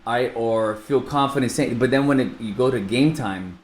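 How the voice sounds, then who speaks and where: A man co-hosting a casual podcast as a real estate coach, talking quickly and restarting his sentences. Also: medium pitch, slight background noise. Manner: animated, fast-talking, self-interrupting. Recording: echoey room.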